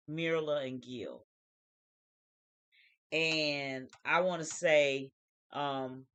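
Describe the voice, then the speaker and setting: Woman, vlog host, emphatic, repetitive, casual commentary. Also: low voice. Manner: emphatic, repeats phrases, uses slang. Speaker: show host reviewing reality TV.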